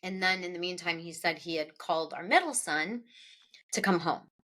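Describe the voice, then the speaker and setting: A middle-aged author speaks in a lowish voice with a bright, forceful tone as she tells an interviewer about a personal loss. She falters, restarts and pauses, and her voice climbs at the hardest moments.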